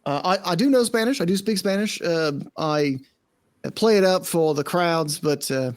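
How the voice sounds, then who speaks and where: A showy, self-amused masked performer, played by a player in a tabletop game. He rambles on about himself at an ordinary pitch. Everything he says comes out loose and offhand. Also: moderate pace, close to an everyday voice. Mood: rambling. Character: showy masked male performer with a put-on accent. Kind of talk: tabletop role-play.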